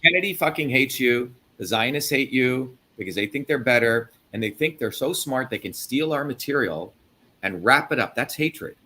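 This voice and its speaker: A man's voice: mid-range voice, animated, normal speed, bright, forceful tone. A man from India hosts a heated live interview. He speaks in a mid-range voice, pushing his points with profane emphasis and mocking asides. A faint hum of room noise sits under him. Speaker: host.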